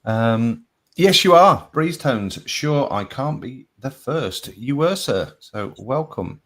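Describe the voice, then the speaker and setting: A man's voice: mid-range voice, expressive, slow pace. Chirpy Brummie man greeting viewers. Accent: Birmingham. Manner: chirpy greetings, jokey asides. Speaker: co-host reading out chat names. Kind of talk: casual live-show banter.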